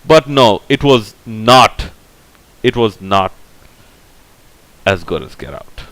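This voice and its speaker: A man's voice: on the low side, lively intonation, slow pace, fairly bright tone, low-quality recording. A man giving a casual, opinionated movie review, rambling and full of fillers. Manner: rambling, heavy on fillers like "like, you know"; blunt, opinionated. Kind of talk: casual film review monologue.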